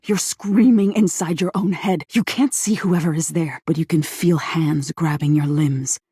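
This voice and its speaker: A woman's voice: low-pitched, unhurried, dark tone, husky, no room sound, studio quality. A woman voicing a menacing female nightmare spirit in a video game, narrating frightening scenes to the player in the second person. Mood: ominous.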